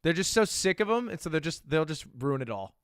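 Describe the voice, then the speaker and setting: A young man streams and reacts to clips in loose, rambling talk full of swearing. His pitch sits a little high and swings widely, and the sound is very dry, with no room echo. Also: a little fast. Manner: animated, rambling, swears a lot. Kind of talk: casual reaction commentary.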